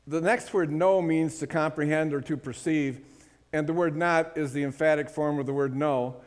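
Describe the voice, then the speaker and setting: A man's voice: on the high side, steady tone, moderate pace, clean tone. A man preaching a sermon, speaking emphatically and calling for amen from the congregation. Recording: hall with long reverb.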